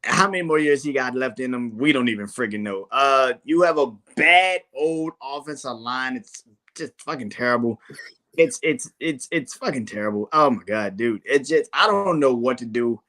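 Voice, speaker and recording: A man's voice: mid-range voice, expressive, moderate pace, sharp tone. A man co-hosting a casual sports podcast, talking bluntly with lots of swearing and chuckles between remarks.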